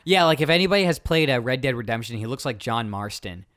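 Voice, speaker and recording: A man's voice: mid-range voice, lively intonation, fast talker, a bit bright, no room sound, clean studio sound. A man co-hosting a podcast, recapping a film in loose, joking casual chat. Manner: loose and joking, full of likes and restarts. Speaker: podcast co-host. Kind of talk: casual movie review chat.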